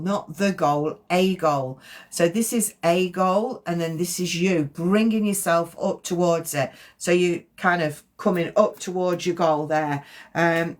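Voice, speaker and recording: A woman giving a chatty, rambling psychic card reading on a live stream. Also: fairly low pitch. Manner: chatty, rambling, self-correcting.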